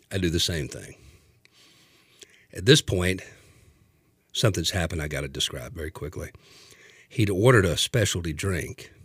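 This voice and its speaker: A man telling a comic story in an animated way, acting out the voices of the people in it. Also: sits low, breathy edge, no room sound, studio quality. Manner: animated, acts out voices, laughs a lot.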